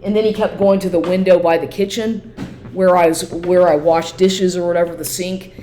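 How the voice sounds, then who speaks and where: A woman vlogger in an upset, profane rant, talking fast and repeating herself. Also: fairly low pitch, fairly even intonation, dark tone. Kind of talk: agitated personal rant to camera. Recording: echoey room with faint noise.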